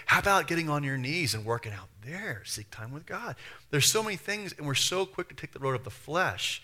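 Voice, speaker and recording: A man's voice: on the high side, sing-song, fairly quick, sharp tone. A man pastor preaching a sermon in a conversational way, full of rhetorical questions and acted-out quotes.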